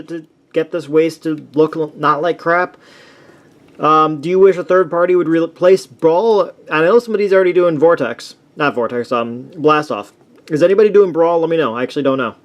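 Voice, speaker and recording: Male toy reviewer, slightly high voice, upbeat, rambles through casual commentary. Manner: enthusiastic, rambling with frequent restarts and fillers.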